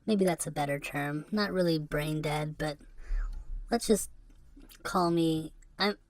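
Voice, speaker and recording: A woman speaks alone into a podcast microphone as host, her fairly low voice sounding depressed and subdued. Her confessional monologue is halting and rambling, broken by rueful laughs, with no room sound.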